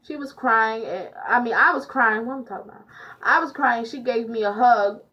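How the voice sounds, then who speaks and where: A woman's voice: on the high side, a little fast, pushed and bright. A teenage girl telling a storytime vlog, chatty and full of fillers as she retells it. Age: teens. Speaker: vlogger. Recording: dull lo-fi audio.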